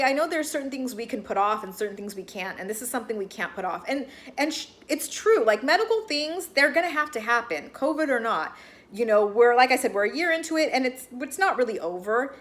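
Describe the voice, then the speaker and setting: A woman's voice: high voice, fairly bright tone. A woman giving a casual recap of a reality TV episode, chatty and full of "like", with exasperated asides. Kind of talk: casual reaction commentary.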